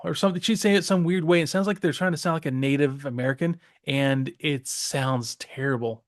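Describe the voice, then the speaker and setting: A man from the Southeastern US chats casually on a podcast, rambling and circling back through fillers. His voice sits a bit higher than most men's. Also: fairly even intonation, brisk, few pauses. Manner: rambling, many fillers and restarts. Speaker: podcast co-host. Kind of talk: casual chat.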